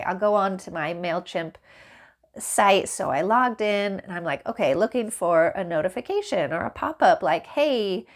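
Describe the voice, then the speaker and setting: A woman vlogging casually to camera, animated and exasperated, laughing and acting out the exchanges as she tells them. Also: fairly low pitch. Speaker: small business vlogger. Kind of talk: casual ranting vlog to camera.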